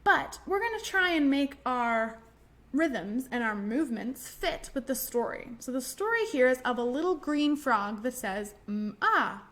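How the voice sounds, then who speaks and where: A woman hosting a library storytime for young children, talking through finger rhymes in a gentle, encouraging way. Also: high-pitched, big pitch swings, unhurried.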